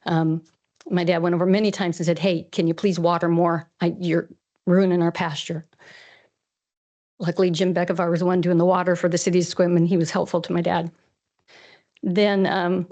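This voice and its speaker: A woman farmer from Washington State speaks at a council lectern. She is earnest and rambling, with emotion close to the surface. Her voice sits a little low. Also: little pitch movement, fast talker, darkish tone. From Washington State, USA. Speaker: farmer giving public comment. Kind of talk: public comment at a council meeting. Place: council chamber.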